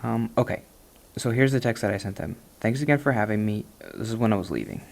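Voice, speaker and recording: A man's voice: on the low side, fast, gravelly, a little mellow. A man chatting casually while he plays, rambling and self-deprecating. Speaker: gaming vlogger.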